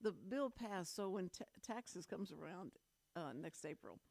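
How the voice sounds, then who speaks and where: A woman's voice: on the low side, animated, measured pace, gravelly, darkish tone, no echo. A woman in her fifties hosting a community radio talk show, chatting casually, laughing often and restarting her sentences. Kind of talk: casual on-air chat.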